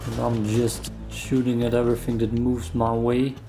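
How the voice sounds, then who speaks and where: A man's voice: medium pitch, completely flat delivery, normal speed, warm tone. A man giving casual, self-deprecating play-by-play commentary while playing a shooter game. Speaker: gamer. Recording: faint music underneath.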